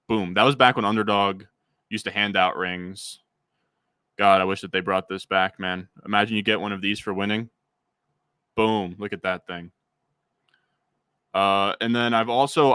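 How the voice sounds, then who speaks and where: A young man with a fairly low voice streams a fantasy football draft from home, rambling and talking back to his chat. His voice sounds dry and close on a desk mic. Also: pushed and bright, smooth, dry recording. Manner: rambling, talks to chat, frequent fillers. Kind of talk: casual livestream chat.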